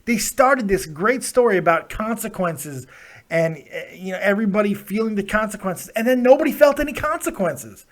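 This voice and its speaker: A man hosts a live call-in show in a fairly high voice. He talks casually and emphatically, jokes with his callers, and swears without a second thought. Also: normal speed. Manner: animated, emphatic, swears freely, playful with callers. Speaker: host of a live call-in wrestling review show.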